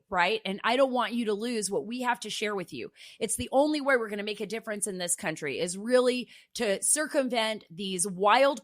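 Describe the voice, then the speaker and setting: A woman's voice: mid-range voice, no room sound, studio quality. A middle-aged woman hosting a political talk show, emphatic and exclamatory, firing off rhetorical questions.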